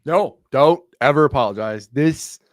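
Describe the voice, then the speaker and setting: A man co-hosting a sports podcast, talking in a relaxed, amused way with frequent ums. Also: mid-range voice, unhurried, no room sound, studio quality. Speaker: podcast co-host. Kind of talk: casual sports podcast chat.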